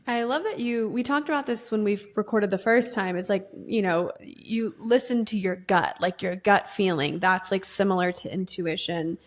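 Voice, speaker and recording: A woman's voice: mid-range voice, moderate pace, hardly any pauses. A woman hosting a podcast who asks her guest questions in a chatty, loose way with lots of filler words. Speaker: podcast host. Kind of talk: casual interview questions.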